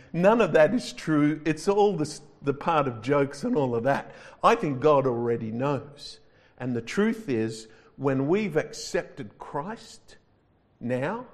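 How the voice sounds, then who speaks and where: Male pastor, slow wry sermon delivery, slightly higher voice. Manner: conversational, wry, drawn-out emphasis.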